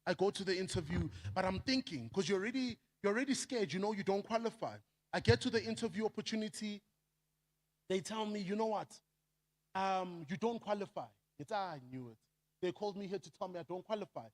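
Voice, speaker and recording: A man's voice: sits high, brisk. A man with a South African accent giving a motivational stage talk, switching between storytelling and rallying the crowd. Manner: animated, leads crowd call-and-response shouts. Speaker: motivational speaker. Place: event stage before a crowd.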